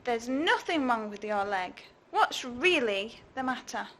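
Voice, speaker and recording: Storybook girl, fed up and cross, read by a woman; high, bright, deliberate. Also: expressive, a little hiss or hum. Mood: exasperated. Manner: cross, emphatic.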